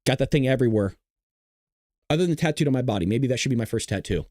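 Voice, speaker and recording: A man hosting a live-streamed political news show, excitable and joking, arguing straight back at his chat. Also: mid-range voice, quick pace, no room sound, clean studio sound. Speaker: livestream news host.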